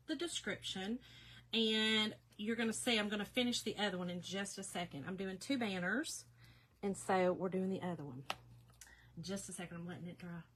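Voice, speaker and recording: A woman in her fifties, a little hoarse, chatting casually with viewers by name during a crafting live stream. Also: fairly high pitch, pushed and bright. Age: 50s. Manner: chatty, talks to viewers by name, laughs often. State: slightly hoarse, recovering.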